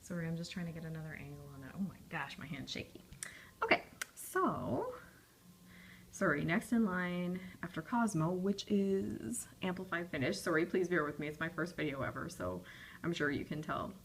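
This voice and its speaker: Chatty young woman, slightly low voice. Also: fairly even intonation, a little fast, noisy background. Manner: chatty, rambling, many ums and apologies. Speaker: beauty vlogger. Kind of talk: casual lipstick swatch review.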